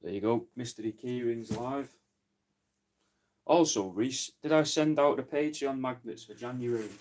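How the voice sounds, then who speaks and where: A man's voice: mid-range voice, moderate pace, a little mellow, slight background noise. A man in casual livestream chat, rambling, joking and swearing while he lists crafts for sale.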